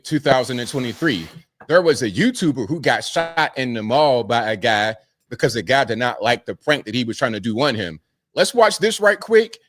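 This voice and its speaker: A man commenting on a news video in a quick, explanatory way. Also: mid-range voice, fairly bright tone, slight background noise.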